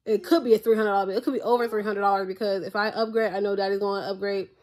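A woman's voice: mid-range voice, fairly even intonation, very fast, darkish tone. A young woman vlogging at home into her tablet's mic, chatting to viewers in an exasperated, casual way. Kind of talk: casual chat to camera. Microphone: tablet built-in mic.

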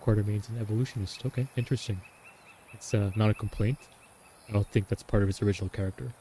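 A man's voice: on the low side, steady tone, fast, mellow, a little hiss or hum. A man giving casual commentary over a survival game, chatting and musing aloud as he plays. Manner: chatty, muses aloud, reads in-game text. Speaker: gameplay commentator.

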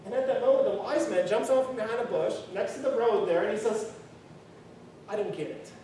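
Earnest preacher in an echoey church. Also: male voice, very high-pitched, quick pace, dark tone. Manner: conversational, earnest, with many restarts and "you know". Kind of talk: sermon. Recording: very echoey room, far from mic, faint noise.

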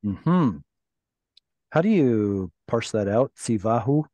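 Mellow-voiced man teaching Hebrew. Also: mid-range voice, expressive, slow, no room sound. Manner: patient, explanatory. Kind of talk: online class discussion. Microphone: video call.

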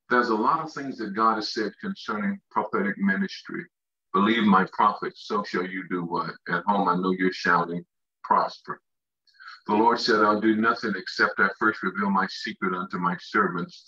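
A man preaching a sermon, reading scripture slowly and then pressing each point with rising emphasis and questions to the listeners. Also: lowish voice, pushed and bright, muffled recording. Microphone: online broadcast of a church conference session.

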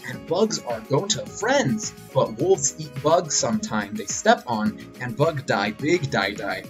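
A man voicing a big simple-minded man who speaks in halting, broken English, over game music. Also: mid-range voice, sing-song. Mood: mocking.

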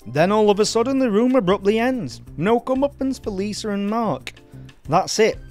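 Sweary sardonic film reviewer. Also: male voice, high voice, lively intonation, normal speed, darkish tone, faint music behind. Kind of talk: comedic film review narration.

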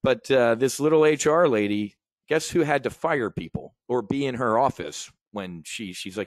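A man's voice: mid-range voice, animated, moderate pace, dry recording. Brash, swaggering man telling trading stories. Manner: brash, swaggering storytelling with profanity; talks straight to the audience. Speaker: trading educator and host. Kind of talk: animated sales pitch monologue.

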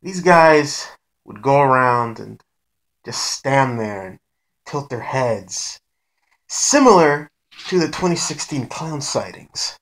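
A man narrating a mock news report, moving from an ominous build-up to lively storytelling. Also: mid-range voice, slow pace. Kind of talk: scripted mock documentary narration.

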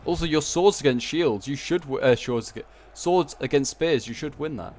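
A man's voice: on the high side, moderate pace, a little mellow. A man giving casual, rambling commentary on a strategy game battle, correcting himself and tossing in joking asides. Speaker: gameplay commentator.

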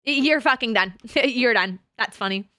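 A woman's voice: on the high side, moderate pace, bright, forceful tone, dry recording, studio quality. A woman streaming as a VTuber in casual chat, swearing freely and breaking into laughter often. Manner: profane and giggly, swears often and laughs a lot.

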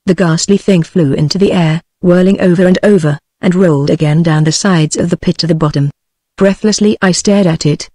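A text-to-speech woman's voice with a British English accent, reading a story aloud in an even, steady way. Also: fairly low pitch, dry recording. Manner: even, steady reading of all parts alike. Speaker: narrator.

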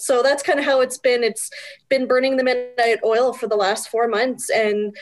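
Lively midlife woman, slightly high voice. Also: moderate pace. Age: middle-aged. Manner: animated, laughing storyteller. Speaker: guest. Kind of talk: casual interview chat.

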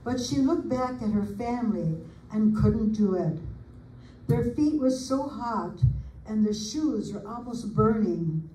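An older woman from the United States reading family recollections aloud in an unhurried, homely way, adding small asides as she goes. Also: fairly high pitch, lively intonation, warm tone, a little hiss or hum. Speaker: family historian presenter. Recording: roomy sound from a distant mic.

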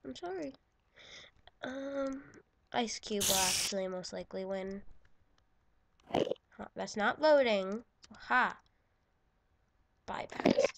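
A woman's voice: mid-range voice, lively intonation, slow pace, vocal fry, pauses often, background noise. A woman giving casual, chatty let's-play commentary over a computer microphone, giggling and correcting herself as she goes. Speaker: gaming channel host.

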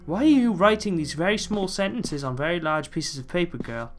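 A man's voice: sits high, expressive, fairly quick. A man commentating a horror game as he plays, joking, swearing and talking back to the characters on screen. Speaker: let's play host.

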